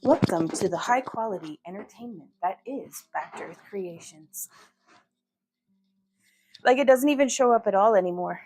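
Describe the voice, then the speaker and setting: A woman's voice: mid-range voice, lively intonation, normal speed, darkish tone, husky. A woman hosting a casual livestream, chatty and giggly, often laughing at herself. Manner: giggly, chatty, self-deprecating. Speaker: livestream host.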